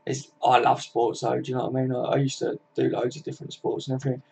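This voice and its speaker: A man's voice: medium pitch, level tone, quick pace, gravelly, a little mellow, breathy edge. A man with a Scouse accent chatting bluntly on a live fan stream, reading viewers' comments out and swearing freely. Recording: dull lo-fi stream audio.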